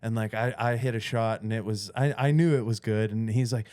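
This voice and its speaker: Brief: man, 30s, podcast co-host, animated storyteller who swears, mid-pitched, dry close sound. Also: brisk, dry recording. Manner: animated storyteller, swearing, acting out his own thoughts. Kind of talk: casual chat.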